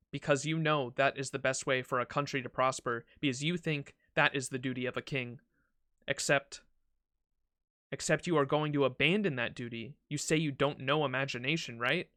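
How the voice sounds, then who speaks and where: A man's voice: mid-range voice, moderate pace, sharp tone, no echo, clean studio sound, natural voice. A man voicing a hot-tempered young woman monk in a game, earnest and scolding.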